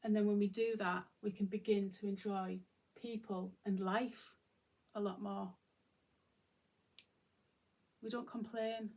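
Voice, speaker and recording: A woman's voice: mid-range voice, flat delivery, slow pace, long pauses, darkish tone. A woman hosting her own channel, talking reflectively and informally to camera with plenty of fillers and restarts. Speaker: channel host. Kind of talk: reflective solo talk to camera.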